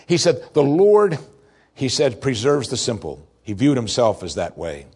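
Male pastor, husky timbre, expressive sermon delivery with wide swings in emphasis. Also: normal speed. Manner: expressive, swings from raised emphasis to soft low tones.

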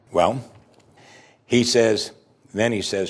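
A man's voice: medium pitch, very animated, normal speed, slightly rough. A man preaching a sermon, reading scripture dramatically and explaining it to the congregation. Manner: dramatic scripture reading, rising loud for the psalmist's lament.

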